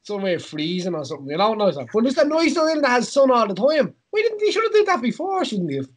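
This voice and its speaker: Irish male host, husky high voice, rambling casual chat, laughs a lot. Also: huge pitch swings, fast talker. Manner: rambling, laughs often, many fillers. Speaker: podcast host, former fighter.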